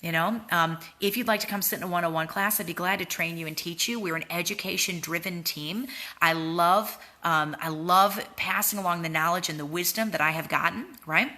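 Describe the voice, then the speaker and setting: Bright-voiced woman coaching her sales team. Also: fairly low pitch, brisk. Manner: earnest, repeats words, frequent "right?" tags. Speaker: network marketing team leader. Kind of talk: motivational training talk.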